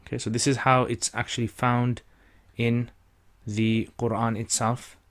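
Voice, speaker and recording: Slow, patient male reading teacher. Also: mid-range voice, little pitch movement. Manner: patient, repeats syllables and stretches vowels for learners. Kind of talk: slow step-by-step lesson.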